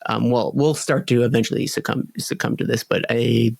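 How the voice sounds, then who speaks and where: A man co-hosting a podcast in casual lore chat, halting and often restarting as he searches for words. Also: mid-range voice, fairly even intonation, vocal fry, a little mellow, no echo. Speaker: podcast co-host.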